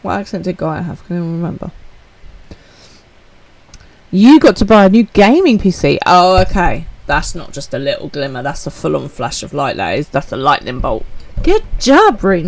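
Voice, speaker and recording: A woman's voice: on the low side, very animated, moderate pace, a little hiss or hum. A woman, chatting upbeat with viewers while streaming a game live.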